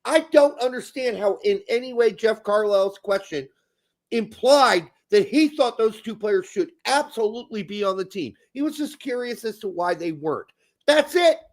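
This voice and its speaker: High-voiced ranting podcast host, a man. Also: lively intonation, normal speed. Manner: ranting, profane, sarcastic. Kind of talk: casual chat.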